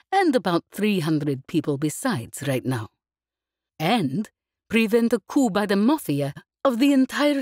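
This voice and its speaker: A woman voicing a blunt, flat-spoken woman crewmate who leans hard on her words in an audiobook. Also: lowish voice, breathy edge, no echo, studio quality, exaggerated voice. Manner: flat, forbidding, emphatic.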